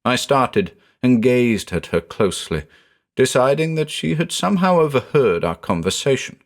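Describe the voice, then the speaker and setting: A man giving a measured, brooding scripted narration of a horror story. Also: mid-range voice, big pitch swings.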